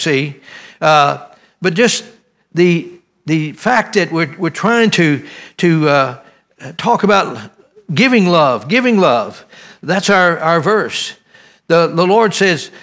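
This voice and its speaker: An older man preaching a sermon, telling a personal story in a halting, folksy way, often repeating himself. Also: a little high, a bit bright. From Tennessee, United States.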